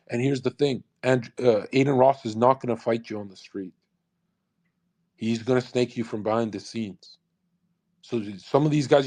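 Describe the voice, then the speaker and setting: A young man holds forth on a live stream in a blunt, intense rant, swearing often. He slips into other people's voices to act out what they said. His voice sits at a middle pitch and comes through a desktop condenser mic. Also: darkish tone. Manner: acts out quoted people in changed voices. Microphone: USB condenser studio mic.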